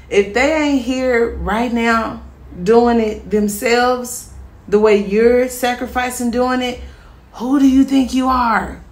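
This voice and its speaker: A woman's voice: a little high, a bit bright, echoey room. A woman giving a casual tarot reading to her viewers, chatty and encouraging, with many fillers. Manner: chatty, encouraging, addresses viewers as "my star" and "my healers". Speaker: tarot reader.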